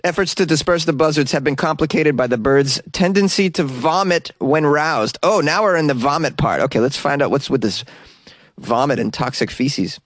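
A man's voice: a little high, normal speed, dry recording, clean studio sound. A man hosting a comedic news segment, reading stories and riffing sarcastically with asides.

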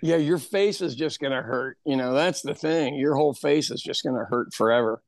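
A man of about sixty co-hosting a podcast, telling stories in an animated, casual way and laughing often. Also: medium pitch, normal speed, no room sound, studio quality. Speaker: podcast co-host, pub owner. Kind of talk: casual chat.

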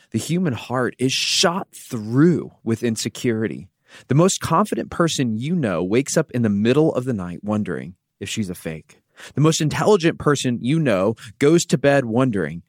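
A man in his thirties hosting a devotional Bible podcast, telling a personal story earnestly and going soft and quiet in its tender moments. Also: medium pitch, no room sound, clean studio sound. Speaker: podcast host.

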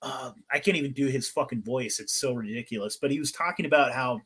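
A man's voice: mid-range voice, fast talker, husky. A young man in casual podcast chat, swearing freely and laughing as he talks. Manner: profane, laughing, excitable. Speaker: podcast co-host or guest.

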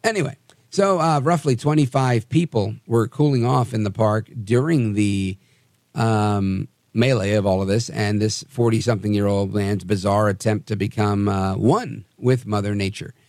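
A man hosting a podcast, telling odd news stories with wry, animated asides. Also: fairly low pitch, moderate pace, no room sound, studio quality. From New Jersey area. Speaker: podcast host. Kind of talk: casual news commentary.

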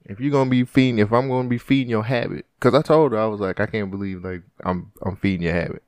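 A man's voice: on the low side, fast, no echo, clean studio sound. A man hosting a podcast, telling a story in casual, profane chat with lots of restarts. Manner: profane, animated, restarts often. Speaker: podcast host.

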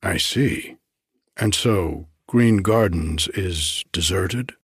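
A man's voice: deep voice, drawn-out words, slightly rough, no echo, clean studio sound, exaggerated voice. A man voicing a tall young stranger in an audiobook, speaking in a casual, friendly way with a haunted undertone.

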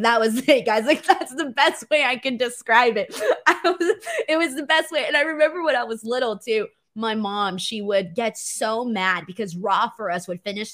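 Young adult woman, casual vlogger telling lively stories, playful and quick to laugh, voice slightly high. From US West Coast. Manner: animated, laughing, playful impressions. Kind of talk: casual Q&A storytelling.

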